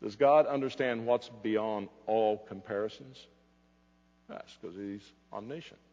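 A pastor preaching a sermon, animated and emphatic at times, dropping to quiet asides at others. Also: male voice, on the low side, a little slow. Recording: dull lo-fi recording in a reverberant hall.

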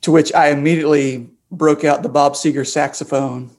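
A chatty man with a somewhat higher voice talks in a casual podcast conversation. He speaks quickly and laughs easily. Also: steady tone, darkish tone. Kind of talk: casual chat.

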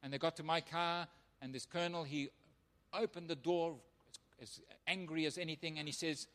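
A man preaching as a missionary pastor, telling his testimony as an animated storyteller who acts out the voices of others. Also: fairly high pitch, brisk. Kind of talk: sermon testimony. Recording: long hall reverb.

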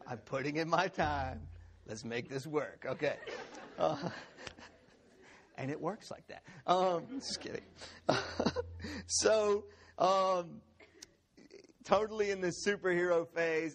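In church, a pastor with a slightly high voice tells a funny story during his sermon. He's animated and laughing, restarting his sentences often.

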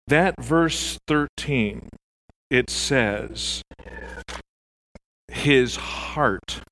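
A man preaching a sermon as pastor, animated, acting out the voices in his stories. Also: medium pitch.

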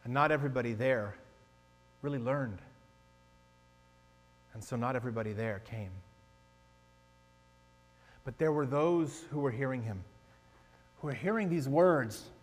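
A man preaching a sermon as a pastor, animated, swinging between loud emphasis and hushed asides. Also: mid-range voice, measured pace, pauses often. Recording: long echo of a large hall, faint mains hum.

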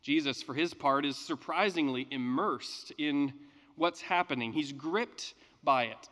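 A man reading scripture and preaching a sermon in a measured, earnest way with emphatic pauses. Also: fairly high pitch, bright, forceful tone, big-room sound. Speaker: pastor.

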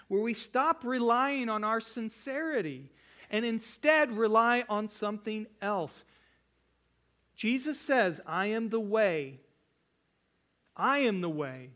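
A male pastor delivers a sermon with a notably high voice. He speaks slowly and earnestly, leaning on repetition to drive each point home. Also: bright, forceful tone. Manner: earnest, repetitive preaching with rising emphasis.

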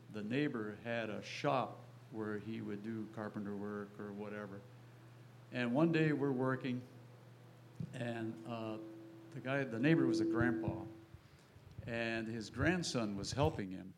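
Man, gravelly, storytelling, acts out voices, contractor. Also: mid-range voice, slight background noise. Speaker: contractor sharing a testimony. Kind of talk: storytelling testimony.

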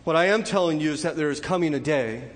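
A man's voice: a little high, quick pace. Man preaching in a reverberant hall. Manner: preaching with rhetorical questions to the congregation. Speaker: pastor. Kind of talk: sermon.

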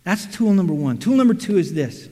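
Animated male pastor in a reverberant hall. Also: sits high, a little fast. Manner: animated, acts out quotes and everyday scenes. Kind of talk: sermon.

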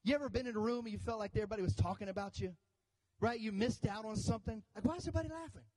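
A high-pitched male pastor races through his sermon on poor audio. He animatedly tells a story to his church, mixing in jokes and call-outs for the congregation to respond.

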